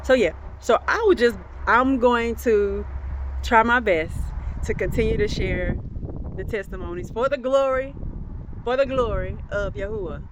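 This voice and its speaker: A woman's voice: a little high, unhurried, background noise. A young woman telling a personal faith testimony in a casual, chatty way, speaking straight to her viewers and laughing often. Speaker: vlogger sharing faith testimonies.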